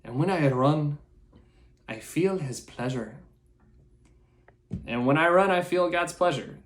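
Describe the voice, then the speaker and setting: A man's voice: on the high side, expressive, slow, voice pushed up. A man doing a bad Irish-accented devout runner. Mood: fervent. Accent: bad put-on Irish. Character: devout young male runner with faith.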